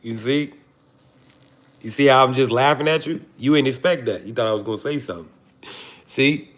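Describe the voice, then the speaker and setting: At normal speed and medium pitch, with a fairly bright tone, he hosts a livestream and talks casually to his chat. He opens with profane jokes, then preaches his point.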